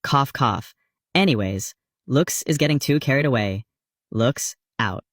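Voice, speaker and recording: A man's voice: mid-range voice, expressive, unhurried, a bit bright, no echo. Male creator, campy confessional monologue, flirty and over the top, dry close mic. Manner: playful, dramatic, flirty oversharing. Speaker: content creator.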